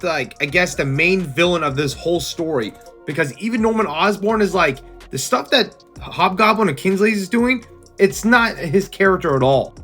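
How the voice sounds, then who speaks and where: A young man casually recapping a comic, excited and slangy, acting out the scenes. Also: sits high. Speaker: comic book reviewer.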